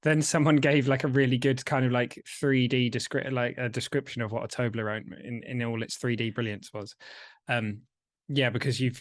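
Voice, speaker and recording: A man's voice: medium pitch, steady tone, moderate pace, dry recording. Chatty man co-hosting a podcast, dry sound. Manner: chatty, joking, reflective. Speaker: podcast co-host and coach. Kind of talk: casual podcast conversation.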